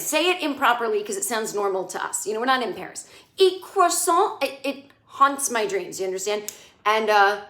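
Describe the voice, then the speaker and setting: Comedic female host, middle-aged, biting and sarcastic, a bit high, recorded in a roomy space. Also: fairly bright tone. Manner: sarcastic ranting, mocking quoted lines in put-on voices. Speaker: comedian recapping a TV episode. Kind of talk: casual comedic monologue. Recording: echoey room.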